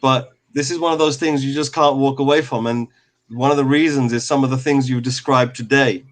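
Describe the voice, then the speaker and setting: Guy running a fan call-in show, mid pitched, easygoing, lots of ums. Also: a little fast. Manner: relaxed, rambling, with many fillers. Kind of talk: casual show hosting.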